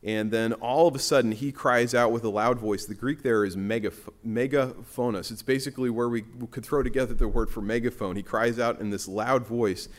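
A man's voice: medium pitch, fairly even intonation, moderate pace, hardly any pauses. A man preaching a sermon in a church, in a conversational way with frequent restarts. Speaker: pastor.

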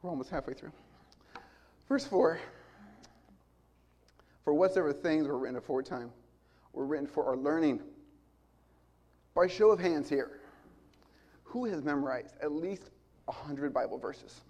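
Male preacher, forties, slightly high voice, earnest and emphatic, repeats lines for weight. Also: unhurried, long pauses, a little mellow, a little hiss or hum. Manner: earnest, emphatic, building repetition. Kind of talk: sermon.

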